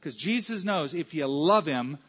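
A man's voice: on the high side, animated, moderate pace, fairly bright tone, husky. A male pastor preaching a sermon in a conversational way, now and then acting out the lines of scripture. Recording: reverberant hall, dull lo-fi sound.

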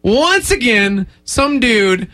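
A man's voice: very high-pitched, sing-song, slow, bright, forceful tone. A young man hosting a morning radio show who banters casually and jokes around with his co-host. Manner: jokey, laughs a lot and slips into impressions. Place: radio studio. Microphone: studio microphone.

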